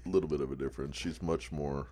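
A man's voice: extremely low pitch, fairly even intonation, quick pace, darkish tone. A man chatting casually, telling funny anecdotes, laughing a lot and swearing casually. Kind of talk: casual chat.

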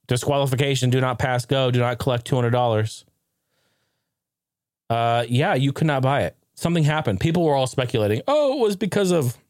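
A man's voice: mid-range voice, dry recording, clean studio sound. A man in his forties, a gaming video host, telling a story in a casual way, laughing often and swearing now and then.

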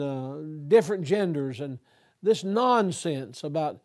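A man's voice: on the high side, a little mellow. Older man preaching an emphatic sermon. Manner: emphatic, repetitive restarts, preacherly cadence. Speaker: pastor.

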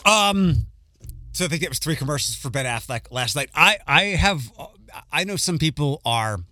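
A man's voice: on the high side, expressive, moderate pace, pushed and bright, no room sound. A male radio host with a light Philadelphia accent, rambling through a casual monologue with plenty of ums and restarts. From Philadelphia area.

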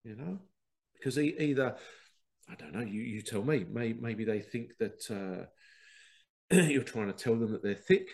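Animated man, chatty monologue. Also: medium pitch, unhurried, vocal fry. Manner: animated, self-laughing, quotes others in dialogue. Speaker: podcast host. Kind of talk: casual monologue.

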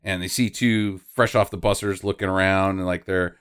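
A man's voice: sits low, fairly even intonation, moderate pace, fairly bright tone, clear, resonant tone. A man co-hosting a casual movie-review chat, giggling often as he retells scenes with joking asides. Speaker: podcast co-host.

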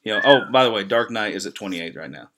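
A man's voice: lowish voice, animated, fast talker, a crowd in the background. A man from Indiana co-hosting a podcast, rambling casually with friends. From Indiana, USA. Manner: rambling, restarts often. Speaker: podcast co-host. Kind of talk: casual chat among friends.

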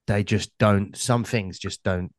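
A man hosting a podcast, telling rambling anecdotes with deadpan punchlines in casual chat. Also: lowish voice, slow.

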